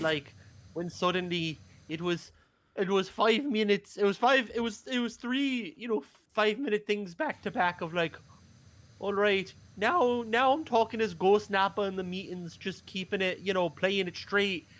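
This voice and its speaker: A man's voice: high-pitched, a bit bright. A middle-aged male streamer chatting casually, rambling between fits of laughter. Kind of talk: casual chat.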